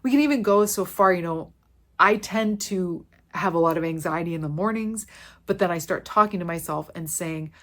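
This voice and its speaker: A woman's voice: fairly low pitch, normal speed, fairly bright tone. A woman fitness coach giving an earnest, heartfelt motivational talk to her viewers, repeating key phrases for emphasis and close to tears with emotion.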